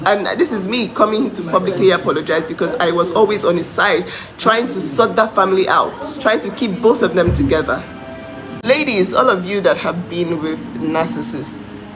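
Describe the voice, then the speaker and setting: A woman's voice: lowish voice, moderate pace, over music. A young adult woman delivers a heated personal rant to her followers, emphatic and indignant, with bursts of bitter laughter. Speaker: vlogger speaking to her followers. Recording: noisy background hiss.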